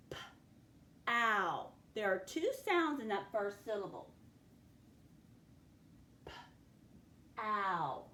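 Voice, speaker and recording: A woman teacher leading a phonics spelling lesson for children, sounding out each word patiently. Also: on the high side. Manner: slow, patient, sounds words out. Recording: echoey room, faint background noise.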